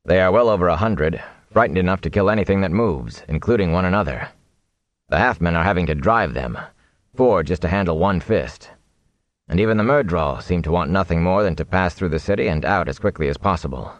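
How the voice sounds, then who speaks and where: A man's voice: low voice, expressive, brisk, no echo, highs cut off. A man reading an audiobook, voicing a grim male warrior who reports in a clipped, matter-of-fact way.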